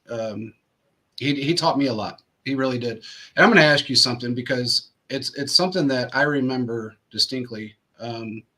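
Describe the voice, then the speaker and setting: Male host, casual storyteller, bright and raspy, meanders through anecdotes with lots of restarts. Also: medium pitch. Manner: rambling anecdotes full of restarts and fillers. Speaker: show host.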